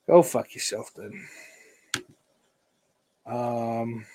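A man's voice: mid-range voice, little pitch movement, very slow, warm tone, a little hiss or hum. A man chatting casually on a stream, rambling and swearing, often trailing off into mumbles. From United States.

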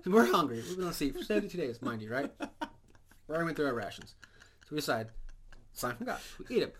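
Animated, profane male podcast co-host. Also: on the high side, rapid-fire. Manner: profane, animated, rambling storyteller. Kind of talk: crude comedic storytelling.

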